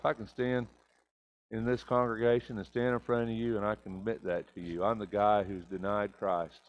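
A man's voice: little pitch movement, moderate pace, low-quality recording. Man preaching a confessional sermon. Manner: swings from loud, high emphatic bursts to quiet low confessions. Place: church sanctuary.

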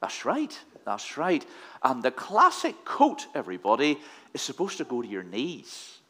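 A man's voice: mid-range voice, huge pitch swings, measured pace, fairly bright tone. A man giving a playful children's address in a church service, asking the children questions. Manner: playful, quizzing kids with questions. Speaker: leader of a children's talk in church.

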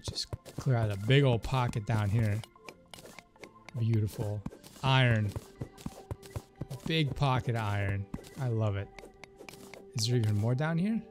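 A man's voice: medium pitch, a little slow, long pauses. A man giving casual, rambling commentary as he plays a video game. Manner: chatty, rambling asides. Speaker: let's play host. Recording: game music behind the voice.

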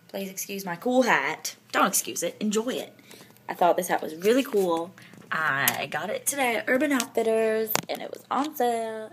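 A woman's voice: mid-range voice, animated, normal speed, background noise. A young woman talking casually to her camera in a daily vlog, chatty and goofy, filling her talk with "like". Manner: chatty and goofy, full of "like" fillers, jokes around. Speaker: vlogger.

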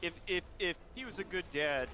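Man, bright and bouncy voice, animated gaming banter. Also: high-pitched, moderate pace, slight background noise. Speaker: co-op gamer. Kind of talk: casual gaming chat.

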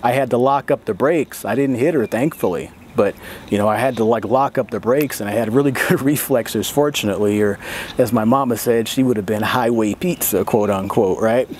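A man's voice: medium pitch, brisk, a little mellow, slight background noise. A man vlogging in a casual, profane storytelling manner, laughing often as he talks.

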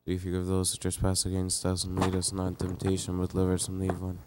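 A man reciting church prayers in a fast, flat, chanting monotone during a live-streamed liturgy. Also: sits low, over loud music. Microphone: live stream mic.

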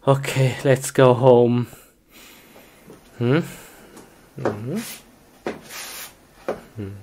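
A woman acting in a comedy skit, swinging from calm muttering to exaggerated outbursts, speaking in simple broken English. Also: a bass voice, very slow. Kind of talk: acted comedy skit with gameplay reactions. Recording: noisy recording with clicks.

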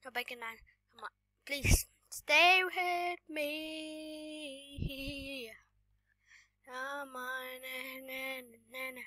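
A woman giving casual gameplay commentary while sick, coughing now and then, excitable and often dropping to a whisper. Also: sits high, extremely slow, long pauses, no room sound. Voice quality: voice sounds off today. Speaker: gaming YouTuber.

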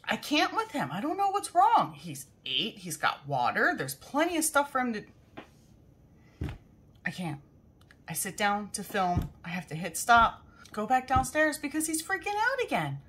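A woman's voice: a little high, a bit bright, a little hiss or hum. A woman venting casually to her camera from a home desk, rambling, swearing and exasperated. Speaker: beauty vlogger. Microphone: camera zoomed in at a desk.

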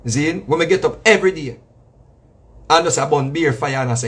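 A Jamaican man talks with a husky, breathy edge, his voice sitting high for a man. He preaches in a loose monologue and keeps circling back with repeated phrases to drive his point home. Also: animated, normal speed. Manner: preachy, repetitive, emphatic with slang asides. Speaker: reggae artist. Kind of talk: casual spoken monologue.

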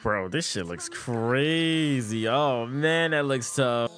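A man hosting an anime reaction, commentating excitedly in heavy slang with loud exclamations. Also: medium pitch, slow pace.

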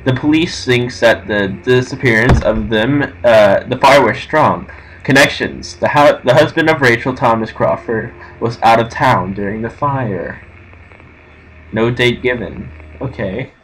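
A man playing a game, commenting nervously to himself and haltingly reading on-screen text aloud. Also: medium pitch, fairly bright tone, a little hiss or hum, rough recording. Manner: jumpy, nervous self-talk. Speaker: game streamer. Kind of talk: let's-play commentary.

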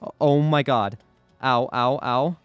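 A man's voice: mid-range voice, slow pace, clean tone, no echo, muffled recording, faint music behind. A man giving live commentary over his own gameplay, anxious and repeating himself under pressure. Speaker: gaming YouTuber.

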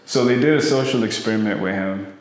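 A man's voice: fairly low pitch, brisk. A man co-hosting a podcast, telling a story in loose, slangy casual talk. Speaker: podcast co-host. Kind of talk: casual conversation. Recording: very echoey long-reverb room.

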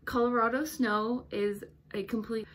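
A woman's voice: on the high side, steady tone, a little slow, a bit bright. A young woman vlogging from her bedroom, rambling and chatty with many fillers, a little out of breath. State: slightly out of breath. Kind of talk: casual vlog talk to camera. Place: bedroom at home.

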